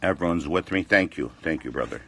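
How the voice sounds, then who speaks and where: A man's voice: extremely low pitch, lively intonation, brisk, gravelly, fairly bright tone, breathy edge. A man in his forties, a fitness vlogger, chatting casually and rambling defensively, repeating himself. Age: 40s. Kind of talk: casual livestream chat.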